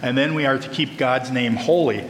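A man's voice: mid-range voice, moderate pace, slight background noise. A man preaching a sermon, talking earnestly and emphatically and speaking directly to the congregation. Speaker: pastor. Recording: echoey hall, faint ambience.

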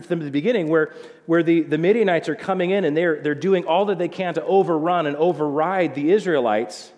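Pastor, male, slightly high voice, chatty sermon delivery, long hall echo. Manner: conversational, acts out quotes with shifting voices. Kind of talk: sermon, Bible teaching.

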